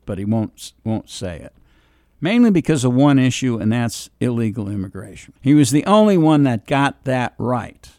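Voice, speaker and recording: A man's voice: medium pitch, no echo, clean studio sound. Blunt, emphatic middle-aged man. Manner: blunt, emphatic, repeats points for stress. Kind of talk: political commentary monologue.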